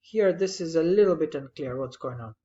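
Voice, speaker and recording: An English writing teacher patiently explains corrections on a student's written summary, gently pointing out what to fix. The voice is medium-pitched, expressive, and brisk, with a lo-fi sound.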